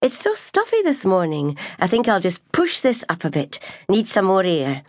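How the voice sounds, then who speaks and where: A woman's voice: mid-range voice, wildly swooping pitch, moderate pace, no echo, studio quality. A woman voicing a thoughtful, restless young female maid. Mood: wistful.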